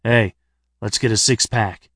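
A man's voice: lowish voice, moderate pace, no room sound, studio quality, natural voice. A man voicing a cheerful, restless middle-aged hiking buddy who talks in an offhand, jokey way, in an audiobook. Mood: breezy.

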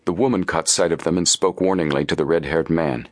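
A man narrating a storybook in a steady, measured way. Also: very deep voice, no room sound, clean studio sound. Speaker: audiobook narrator. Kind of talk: scripted narration.

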